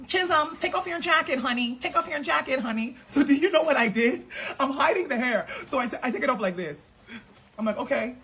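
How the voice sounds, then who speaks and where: A young woman telling an animated storytime vlog, acting out the people she quotes. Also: on the high side, slightly rough. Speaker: beauty creator.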